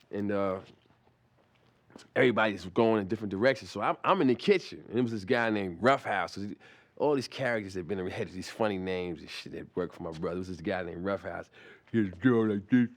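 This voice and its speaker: A man telling a comic anecdote in a rambling, profane way, full of restarts and asides. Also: on the low side. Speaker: comic storyteller.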